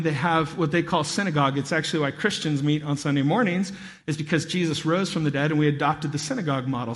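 A man giving a sermon as a pastor, telling stories in a lively way and acting out voices. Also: on the high side, long reverb tail. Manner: animated storytelling, acts out voices. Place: church hall.

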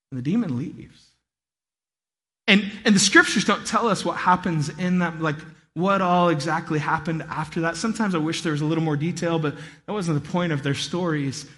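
A man giving a sermon as a pastor, telling stories in a lively way and acting out voices. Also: sits high, long reverb tail. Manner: animated storytelling, acts out voices. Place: church hall.

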